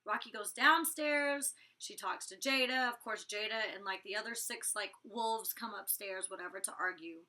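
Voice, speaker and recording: A woman's voice: medium pitch, bright, forceful tone, recorded from a distance. A young woman recapping a reality show episode in casual, blunt chat, packed with "like" fillers and swearing freely. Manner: chatty, fast storytelling full of "like" fillers. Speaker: reality show cast member reviewing an episode.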